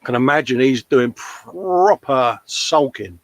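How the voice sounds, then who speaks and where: A man's voice: medium pitch, expressive, slow pace, no room sound. A man hosting a casual live show, reading out viewer comments with jokey banter and calling everyone mate.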